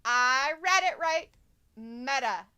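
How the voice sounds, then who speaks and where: Her voice is high, smooth, and sharp-toned, animated but slow. Co-hosting a laid-back wrestling watch-along stream, she reads out viewer comments, teases her co-host, and keeps laughing and giggling.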